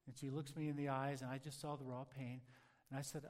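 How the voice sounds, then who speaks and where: A man telling a personal testimony in an earnest, halting way, dropping soft and low at times. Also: level tone. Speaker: testimony speaker.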